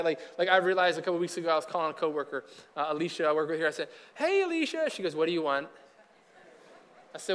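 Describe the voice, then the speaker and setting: A male pastor preaches in a relaxed, conversational way and slips into quick acted-out bits of dialogue. He talks fast in a fairly high voice. A long reverb from a big church auditorium trails behind his words. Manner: chatty, acts out dialogue in quick asides. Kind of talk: casual conversational sermon.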